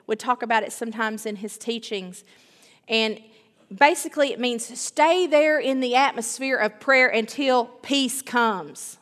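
A middle-aged woman preaching a sermon, emphatic, repeating key phrases and building in intensity. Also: on the high side. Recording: long reverb of a large hall.

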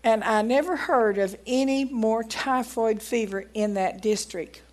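A woman with a slightly high voice speaks a little slowly as she gives a folksy sermon, reading aloud from a book. As she preaches she grows emphatic and loud.

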